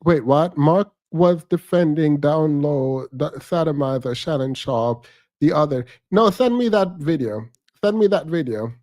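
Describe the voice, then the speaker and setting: A man's voice: fairly high pitch, unhurried, a little mellow, dry recording. A man commenting on a video clip in a frank, teasing way, thinking aloud as he reacts.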